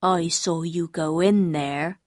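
A woman voicing a simple-minded, fearful man in a storybook reading, speaking very slowly and haltingly in a low voice. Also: fairly even intonation, a little mellow, dry recording, clean studio sound. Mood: uneasy.

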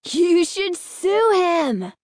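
A woman's voice: very high-pitched, very animated, extremely slow, a little mellow, no room sound, clean studio sound, voice pushed up, exaggerated voice. A woman voicing a scheming boy who scoffs and challenges the others. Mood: scornful. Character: scornful scheming boy, Alan.

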